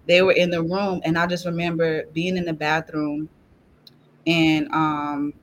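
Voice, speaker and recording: A woman's voice: deep voice, flat delivery, a little slow, slight background noise. A woman guest on a podcast giving a personal faith testimony. She talks in an earnest, emotional way and fills her sentences with "like". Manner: earnest and emotional, heavy use of "like".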